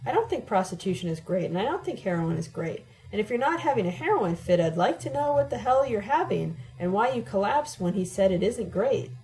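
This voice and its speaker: A woman's voice: medium pitch, sing-song, fairly quick, few pauses, darkish tone, rough recording. A woman reading the part of an exasperated young man who presses with blunt questions, in an audiobook.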